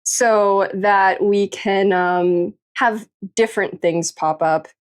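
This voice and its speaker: A woman's voice: medium pitch, slow pace, clean tone. A woman livestreamer chatting casually late at night, tired and a little tipsy, giggling often and swearing freely as she rambles. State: tired and tipsy after drinking.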